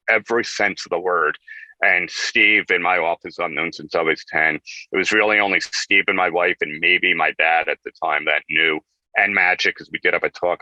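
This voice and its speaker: A man's voice: deep voice, pushed and bright, no echo, lo-fi sound. A middle-aged man, a talk-show guest, earnestly and vividly telling a personal story.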